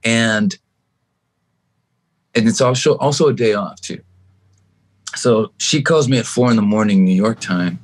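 A man from Canada, a guest musician on a podcast, telling a story with animated energy and acting out what other people said. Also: on the low side, a little slow, pauses often. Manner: animated, acts out other people's lines in shifting voices. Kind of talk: storytelling anecdote in a podcast chat.

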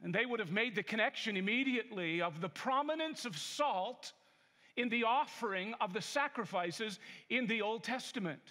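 A male pastor preaching a sermon in a church, emphatic and deliberate. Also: high-pitched, lively intonation, pushed and bright. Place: large church sanctuary. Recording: long hall reverb.

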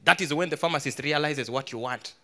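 A young adult Ugandan man doing live stand-up comedy, an animated storyteller who swings between hushed mutters and loud outbursts. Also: fairly high pitch, brisk. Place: live comedy stage with audience.

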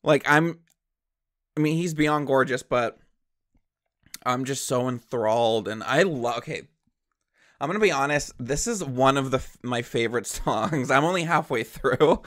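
A man hosting a reaction video, talking in a gushing, excitable and emotional way. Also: medium pitch, measured pace. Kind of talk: casual reaction commentary. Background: faint music.

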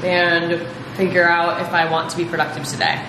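A young woman with a fairly low voice chats casually in a vlog at normal speed, her delivery completely flat. She rambles, mocks herself, laughs often and swears freely, filming at home and in her car in an echoey room with faint ambient noise.

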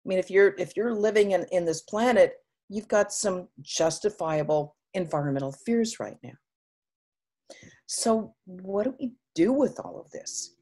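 A woman spiritual teacher giving a sermon, retelling an old legend with expressive, unhurried storytelling. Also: mid-range voice.

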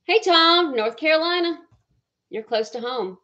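A woman's voice: sits high, expressive, measured pace. Chatty woman on a lo-fi stream. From southern United States. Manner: chatty, greets viewers by name with bright bursts. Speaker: live stream host. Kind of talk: casual live stream chat. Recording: dull lo-fi stream audio.

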